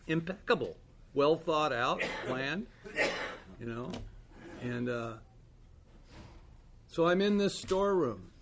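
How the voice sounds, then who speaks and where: A man's voice: a little high, lively intonation, takes it slowly, pauses often, slight background noise. A man giving a candid, wry personal share at a recovery meeting, telling his story with dry humor.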